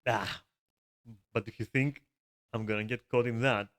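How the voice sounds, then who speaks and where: A man's voice: medium pitch, steady tone, a little slow, a bit bright. A man giving live gameplay commentary, swearing often, laughing and exclaiming in dismay. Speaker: gamer streaming a raid.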